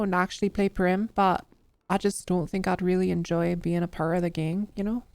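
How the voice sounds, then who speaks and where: Smooth-voiced woman streamer chatting casually. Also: fairly low pitch, darkish tone, no room sound. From United States. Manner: rambling, swearing, lots of "like" and "you know". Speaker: streamer playing a role-play game. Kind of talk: casual gaming chat.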